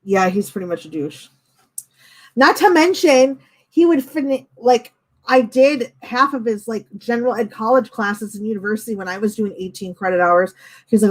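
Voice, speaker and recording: A woman's voice: a little high, normal speed. Young woman venting on a live stream. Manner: venting, talking with chat; animated, quotes others in her own voice. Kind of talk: casual live-stream chat.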